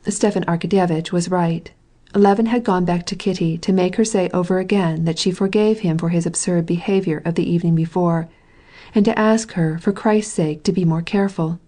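Steady and measured, a female narrator works through a classic novel in audiobook style, using a voice of fairly low pitch.

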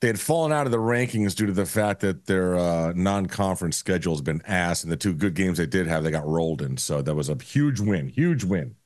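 A man with a low voice chats bluntly about college sports, rambling and making crude jokes. His speech is dry and close to the mic. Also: animated, fairly quick, hardly any pauses, a little mellow, dry recording. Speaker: podcast co-host. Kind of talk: casual sports chat.

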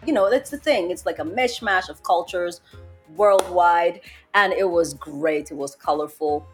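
A woman hosting a podcast, telling a story in casual chat, animated and laughing as she acts out quotes. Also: fairly low pitch, measured pace, breathy edge, faint music behind. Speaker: podcast host.

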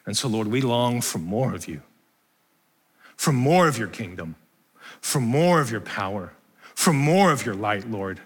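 A man preaching a sermon to a congregation in a church, building with impassioned repetition and later praying softly. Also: medium pitch, lively intonation, measured pace, pauses often, husky, big-room sound. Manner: soft, hushed praying. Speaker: pastor. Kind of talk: sermon with closing prayer. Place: church hall with live congregation.

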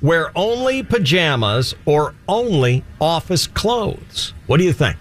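A man co-hosts a morning TV show from the studio, his voice sitting a bit high and swinging widely in pitch. He teases his co-hosts with mock-prim remarks and stretches his quiz questions out. Faint room ambience sits under him. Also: sing-song, slow pace, a little hiss or hum. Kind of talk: playful quiz-asking studio banter. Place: TV news studio.

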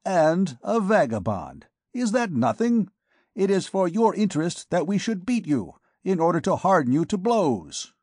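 A man's voice: high-pitched, very animated, measured pace, darkish tone, breathy edge, no room sound, clean studio sound, voice pushed up, full character voice. A man reading an audiobook, voicing a commanding male vagabond king who makes stern, repeated threats. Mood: threatening.

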